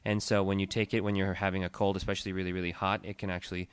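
A man with a low, smooth, resonant voice co-hosts a relaxed tea podcast. He explains and lists facts in a steady, informative way. The sound is dry and close. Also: rapid-fire, no echo. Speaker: podcast co-host, tea shop owner. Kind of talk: casual informational chat.

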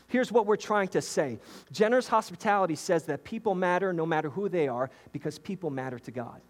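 Man from New York, lively preacher in a reverberant sanctuary, higher pitch. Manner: animated preaching with repetitions and asides to the congregation. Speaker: pastor. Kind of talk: sermon. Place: church sanctuary.

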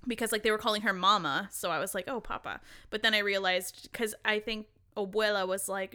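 Bright-voiced chatty woman. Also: medium pitch, fairly quick, clear, resonant tone. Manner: chatty, expressive, frequent "like" fillers. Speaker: podcast co-host. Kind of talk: casual chat about a movie.

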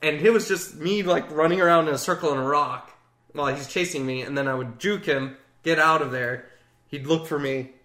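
A man's voice: a little high, brisk, pushed and bright. A young man in casual gaming chat, telling stories with lots of energy and acting out other players in raised voices.

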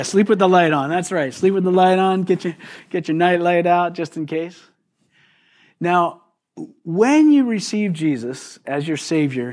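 A man preaching a sermon in a relaxed, conversational way, often putting questions to the congregation. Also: on the high side. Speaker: pastor.

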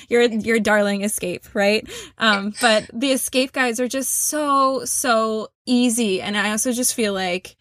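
A woman with a fairly high voice hosts a relaxed podcast chat, upbeat and encouraging, quick to laugh along with her guest. The sound is very dry and close, with no room around her. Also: no echo. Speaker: podcast host. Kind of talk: casual interview chat.

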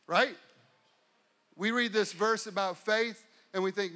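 A middle-aged man preaches a sermon, driving his points home through repetition and deliberate slow passages. His voice sits a touch high and rings bright and forceful. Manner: preaching with rising and falling intensity, repetitive emphasis. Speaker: pastor.

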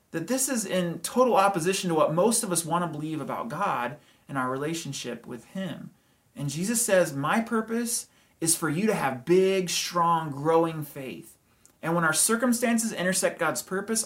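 A pastor walks through a passage in a relaxed, talky sermon. The delivery is full of rhetorical questions and quick asides. The pitch sits at a middle height. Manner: conversational preaching with hedges, rhetorical questions and chuckles.

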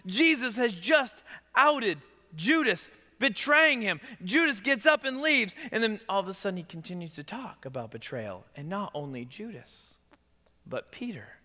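High, bright-voiced male pastor preaching. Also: big pitch swings, a little slow, long reverb tail. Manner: dramatic, swings between loud emphasis and hushed delivery. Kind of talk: sermon.

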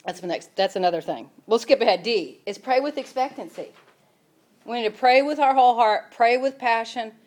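A woman preaches an informal sermon in a relaxed, conversational way. She scatters fillers through her talk. She also rises to emphatic passages on the points she wants to land. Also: a little high, moderate pace. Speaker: church speaker.

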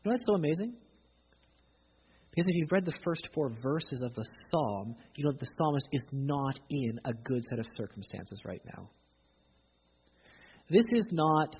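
A man's voice: on the high side, lively intonation, normal speed, pauses often, slightly rough. A man preaching a sermon, emphatic, often restarting his phrases. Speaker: pastor. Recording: dull recording, long hall reverb.

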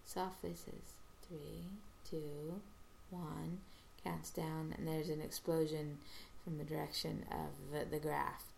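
A woman casually recapping a TV episode, halting with restarts and briefly acting out the characters' lines. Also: low-pitched, little pitch movement, vocal fry, a little mellow, slight background noise.

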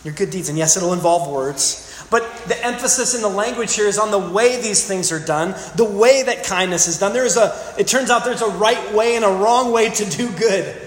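A man's voice: high-pitched, normal speed. A man preaching a sermon, emphatic, repeating phrases and asking the congregation questions. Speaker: pastor. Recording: very echoey hall, faint room noise.

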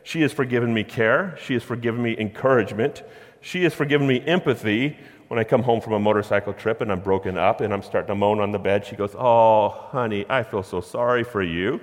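A man preaching a sermon, slowing down on key words and swinging between hushed and loud. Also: on the low side, big-room sound. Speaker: pastor. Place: church sanctuary.

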